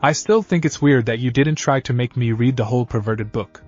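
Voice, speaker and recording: A man's voice: medium pitch, brisk, a little mellow, soft background music, natural voice. A man reading the lines of a cocky young boy ninja apprentice, snappy and grumbling. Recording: dull lo-fi audio.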